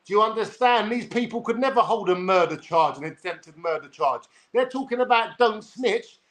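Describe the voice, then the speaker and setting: A young man with a London accent rambles through a livestream story. He is brash and sweary, and his voice sits fairly high for a man. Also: a little fast, fairly bright tone.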